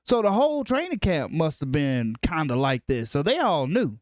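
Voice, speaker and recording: A man co-hosting a podcast in casual sports chat, animated and joking with plenty of slang. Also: on the high side, normal speed, no echo, clean studio sound. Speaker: podcast co-host.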